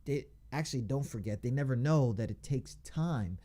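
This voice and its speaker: A man's voice: mid-range voice, expressive, normal speed, dark tone. A man hosting a casual radio interview, talking loosely with slang, frequent laughs and restarted sentences. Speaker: radio show host.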